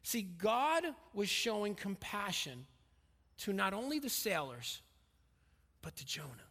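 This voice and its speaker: A man with a high-pitched voice preaches a verse-by-verse sermon, pressing his points hard and then dropping to a hush. His voice rings with the long reverb of a large hall. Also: big pitch swings, takes it slowly. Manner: emphatic, swings between raised and hushed delivery. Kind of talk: expository sermon on scripture.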